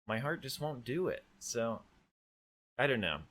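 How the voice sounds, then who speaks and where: A man co-hosting a casual hobby podcast, talking in a relaxed, self-deprecating and hesitant way. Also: medium pitch, fairly quick. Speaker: podcast co-host.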